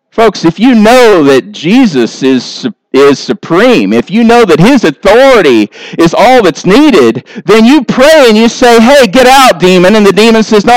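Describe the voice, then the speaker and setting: A pastor preaching a sermon with animated delivery, briefly acting out the voices of people he describes. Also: high-pitched, dry recording, low-quality recording.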